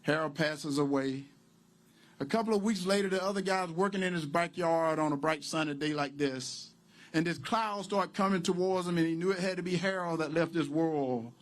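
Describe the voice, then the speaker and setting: A man giving a campaign rally speech outdoors, preacher-like, building to loud, emphatic lines. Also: a little high, normal speed. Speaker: political candidate.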